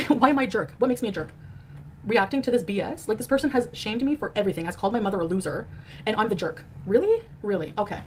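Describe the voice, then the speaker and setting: A woman's voice: medium pitch, fast, a little hiss or hum. A woman streamer in a heated livestream rant, angry and scornful, trading insults. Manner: angry, name-calling, scornful.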